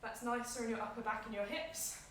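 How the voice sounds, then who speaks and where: A woman leading a home yoga class, giving calm, encouraging cues in time with the breath, a little out of breath. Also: a little high, brisk, slight background noise. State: slightly out of breath. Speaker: yoga instructor. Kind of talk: guided yoga class instruction. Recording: echoey room, mic at a distance.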